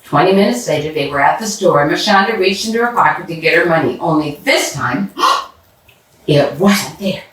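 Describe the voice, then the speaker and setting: A woman storyteller reads a children's bedtime story with an animated, engaging delivery. Her pitch rises and falls freely across each sentence. The voice echoes strongly around the room and sounds set back from the microphone. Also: fast. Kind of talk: reading a bedtime story aloud. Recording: roomy echo from a distance.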